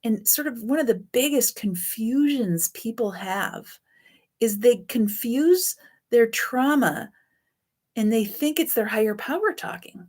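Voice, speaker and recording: A woman's voice: fairly high pitch, lively intonation, unhurried, a little mellow, husky. A woman teaching a self-help class on codependency in a loose, chatty way, often correcting herself. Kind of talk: spoken self-help lesson.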